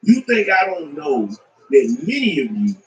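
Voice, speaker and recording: A man's voice: fairly high pitch, big pitch swings, unhurried, a bit bright, low-quality recording. An American man hosting a livestream, ranting with repeated rhetorical questions and stammering restarts. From United States. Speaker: livestream host. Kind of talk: heated livestream rant.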